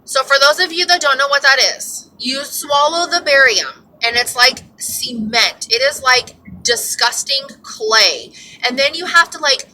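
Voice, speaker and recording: A woman vlogging from inside her car in a candid, excitable, rambling way. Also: high voice, unhurried, low-quality recording. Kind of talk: casual chatty update. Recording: car noise behind voice.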